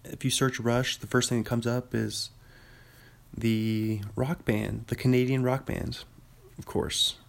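A man's voice: medium pitch, flat delivery, measured pace, creaky. A man hosting a podcast, rambling about films in casual chat, often correcting himself and chuckling. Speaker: podcast host.

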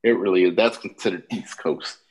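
Laid-back man with a very deep voice. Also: brisk, low-quality recording. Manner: laid-back, brief replies. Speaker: podcast co-host. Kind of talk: casual chat.

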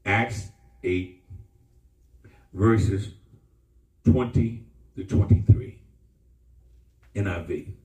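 A man's voice: low voice, drawn-out words, pauses often, a little mellow. A man preaching a sermon in a folksy, emphatic way, with call-and-response. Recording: echoey room from far off.

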